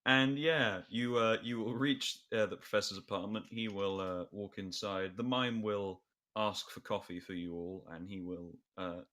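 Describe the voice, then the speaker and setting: Guy gm'ing a tabletop game, kinda low voice but bright, lots of uhs and ums, chuckles here and there. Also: fairly even intonation, measured pace, few pauses. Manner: hesitant, many fillers, chuckling asides. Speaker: game master.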